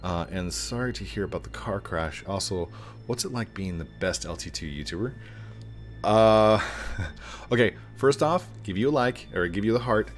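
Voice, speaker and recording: A man in his thirties, a gaming YouTuber, answering viewer questions in a rambling, casual way that swings from somber to excited. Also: fairly low pitch, moderate pace. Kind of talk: casual Q&A chat. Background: faint music.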